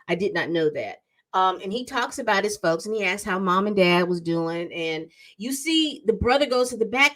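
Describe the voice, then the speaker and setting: A woman casually recapping a TV episode, acting out the characters' lines as she tells it. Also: medium pitch. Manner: animated storytelling, acts out quotes. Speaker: TV recap vlogger.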